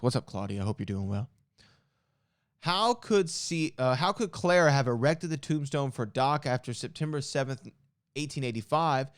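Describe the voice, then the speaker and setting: A man hosts a casual podcast, reading questions and answers aloud and mixing in offhand comments. His voice is smooth and resonant, at a middle pitch. The sound is close and dry, with no room echo. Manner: reads aloud with chatty asides and self-corrections. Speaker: podcast host.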